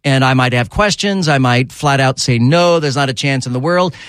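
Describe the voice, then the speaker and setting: A man hosting a talk radio show, chatting casually and getting animated and exasperated, his voice jumping high when riled up. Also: moderate pace, smooth, no echo. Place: radio studio.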